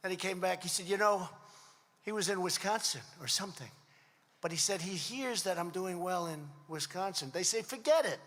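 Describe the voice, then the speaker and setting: A man's voice: high-pitched, normal speed, bright, forceful tone. A man in his seventies giving a rambling, repetitive rally speech, telling stories in a conversational way. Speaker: political speaker at a rally. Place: large hall. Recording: long hall reverb.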